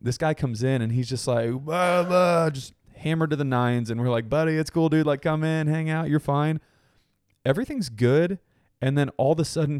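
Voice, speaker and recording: A man's voice: mid-range voice, darkish tone, dry recording. A man tells a rowdy party story on a casual podcast. He swears freely and laughs often as he talks. The sound is dry and close. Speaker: podcast co-host.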